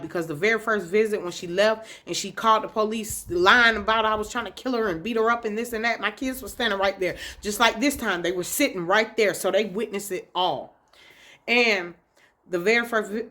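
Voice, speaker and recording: A woman hosting her own podcast recounts a personal story in a casual, upset way, often addressing her viewers directly. Her mid-range voice is a bit bright, and she uses dialect grammar and casual slang.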